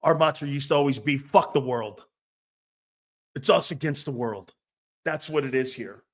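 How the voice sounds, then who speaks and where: A man hosting a sports talk stream, brash and profane, reading chat comments and firing back with loud outbursts and mocking asides. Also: mid-range voice, normal speed. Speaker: sports talk show host.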